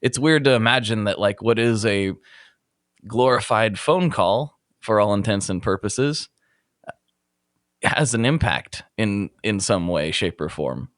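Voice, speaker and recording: A man's voice: on the low side, animated, a little slow, fairly bright tone, no echo, studio quality. A man hosting a casual podcast conversation, rambling and self-deprecating, laughing often. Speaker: podcast host.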